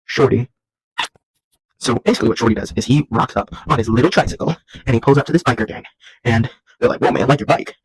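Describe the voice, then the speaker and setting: A man's voice: mid-range voice, fast, pauses often, breathy edge, rough recording. A young man hosting a casual comedic vlog at home, rambling and jumping into silly voices. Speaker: vlog host. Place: at home while folding laundry.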